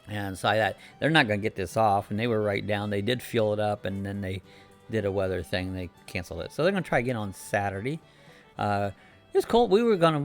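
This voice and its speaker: A man's voice: fairly low pitch, creaky. A man hosting a casual live-stream chat from his home, rambling along and reading out viewer comments and greetings.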